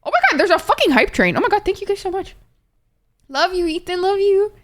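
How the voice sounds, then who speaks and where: A young woman streamer chatting casually with her viewers, expressive and talkative, swearing freely. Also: very high voice, fast talker. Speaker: Twitch streamer. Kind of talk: casual livestream chat with viewers.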